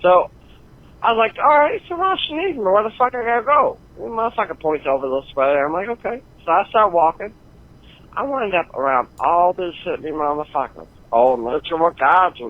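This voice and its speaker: A man voicing a crude, foul-mouthed male gamer who rants in a profane, rambling way, heard over a phone-line recording. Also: sits high. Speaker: listener calling in. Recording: tinny phone-line voicemail.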